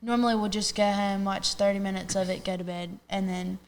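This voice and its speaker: A young woman chatting as a podcast guest, animated and talkative. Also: medium pitch, fairly quick, a little hiss or hum. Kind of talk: casual chat.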